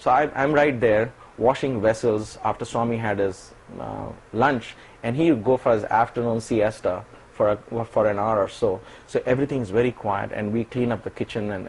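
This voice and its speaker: Husky-voiced man telling a story. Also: medium pitch, poor audio. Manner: animated, laughing storyteller. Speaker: interview guest. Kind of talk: personal storytelling.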